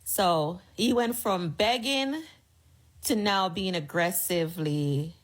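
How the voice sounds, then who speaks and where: A woman's voice: fairly low pitch, takes it slowly. Sassy woman telling a story. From United States. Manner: sassy, animated, chatty. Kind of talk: casual storytime.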